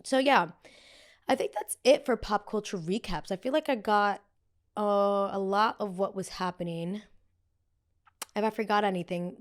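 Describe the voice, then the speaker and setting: A young woman hosting a podcast, giving a casual solo pop culture recap in a chatty, animated way, with fillers and sudden excited exclamations. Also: medium pitch. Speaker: podcast host.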